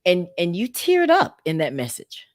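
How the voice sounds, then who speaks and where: A woman's voice: lowish voice, wildly swooping pitch, moderate pace, dry recording, studio quality. A woman hosting a talk show, asking blunt questions and teasing her guest.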